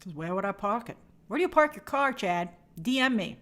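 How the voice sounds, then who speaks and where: On her casual livestream, a woman with a medium-pitched voice speaks fairly quickly, reading out viewer comments and responding chattily. Her manner is animated, with bubbly sign-offs.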